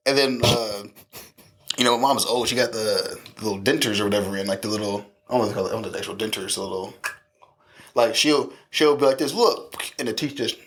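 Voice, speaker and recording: A man around thirty, a podcast co-host, casually telling profane, animated stories about his family and often laughing. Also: fairly low pitch, fast. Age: 30s. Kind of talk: casual chat.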